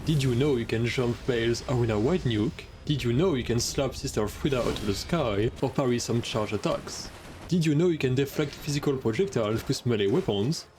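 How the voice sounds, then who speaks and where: A young man with a French accent, narrating a scripted gaming guide in a steady, methodical, explanatory way. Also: medium pitch, slight background noise. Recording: light music behind.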